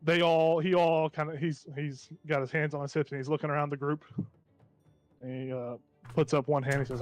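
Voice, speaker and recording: A man's voice: a little high, a little fast, faint music behind. Rambling man running a tabletop game. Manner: rambling, many fillers and restarts while describing the scene. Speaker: game master.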